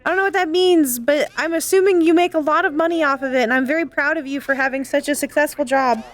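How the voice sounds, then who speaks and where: A woman's voice: high-pitched, fast talker. A woman streamer in casual game-stream chat, talking in a dramatic, playfully panicked way.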